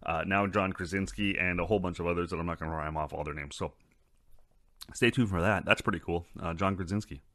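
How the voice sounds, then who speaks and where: A low-pitched man hosts a casual podcast, his voice swinging through a lively, animated range. He swears freely and drifts into rambling asides. The sound is dry and close. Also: creaky, no echo. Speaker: podcast host.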